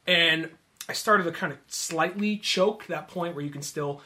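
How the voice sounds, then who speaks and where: A man with a high, bright voice co-hosts a casual comedy podcast. He rambles through his stories, swears freely and acts out the voices of the people in them. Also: unhurried. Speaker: podcast co-host.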